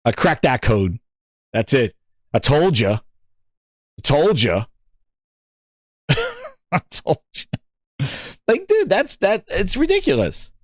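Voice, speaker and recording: A man hosting a gaming podcast, talking loudly and animatedly, teasing and incredulous. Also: a little high, huge pitch swings, measured pace, long pauses, dry recording, clean studio sound. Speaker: podcast host. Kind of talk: excited casual gaming talk.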